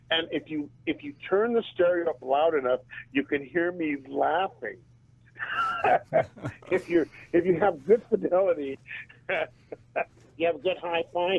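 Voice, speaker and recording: A man, a band drummer and interview guest, telling stories in a casual and animated way and laughing often. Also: a little high, breathy edge. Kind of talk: casual storytelling. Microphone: phone. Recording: tinny phone line.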